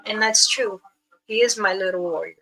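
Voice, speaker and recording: An older woman, an elder and spiritual guide, telling a rambling story on her livestream, with many pauses and restarts. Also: mid-range voice, pushed and bright, low-quality recording. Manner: meandering, with many fillers and restarts.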